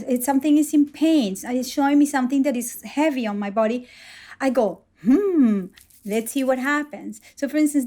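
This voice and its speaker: A woman's voice: high-pitched, warm tone. A woman guest in a conversation, reflecting and telling personal stories, often acting out what was said. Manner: reflective, storytelling, acts out dialogue. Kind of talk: conversational interview.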